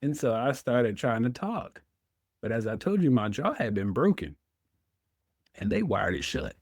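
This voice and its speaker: A man's voice: medium pitch, unhurried, dry recording. Guy telling his story on a podcast, voices his old self, dry close mic. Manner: animated storyteller, acts out his own past words. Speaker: interview guest, Air Force veteran.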